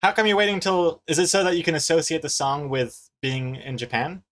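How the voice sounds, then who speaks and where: A man's voice: fairly high pitch, fairly even intonation, fairly quick, a bit bright. A young man from New Zealand with a mixed, slightly American-sounding accent, chatting casually on a live stream while he draws, reading chat messages aloud and laughing easily. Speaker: webcomic artist and streamer.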